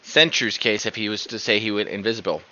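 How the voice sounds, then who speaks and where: Bright, playful male player. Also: lowish voice, quick pace, dry recording, dull audio. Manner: playful, laughing. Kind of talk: tabletop role-play banter.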